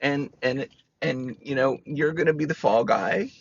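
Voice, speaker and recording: A man's voice: medium pitch, expressive, normal speed, breathy edge, highs cut off. A man, a professor, talking through his thoughts in an earnest, casual monologue and repeating words as he stresses a point.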